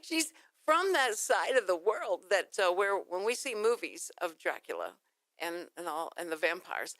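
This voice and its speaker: A chatty woman hosting a radio talk show, her pitch swinging widely as she tells stories and laughs along with her guest. She often slips into playful accent impressions. The studio sound is dry and close. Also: very animated, a little slow, a bit bright, no room sound.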